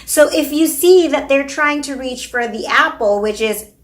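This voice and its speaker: A woman's voice: sits high, moderate pace. A woman, a speech therapist, explaining a language activity to parents and modeling words in an exaggerated sing-song way. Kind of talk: instructional video for parents.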